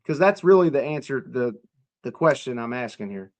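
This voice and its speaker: A combative young man from the United States, talking to his live-stream chat in a loose, profane rant. His voice sits at an ordinary middle pitch, and he keeps jabbing back at commenters. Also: animated, normal speed, a little mellow.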